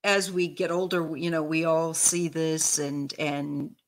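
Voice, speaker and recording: Slow, gentle woman hosting a livestream. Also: deep voice, little pitch movement. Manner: gentle, unhurried, reads viewer comments aloud. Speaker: host. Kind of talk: casual livestream chat.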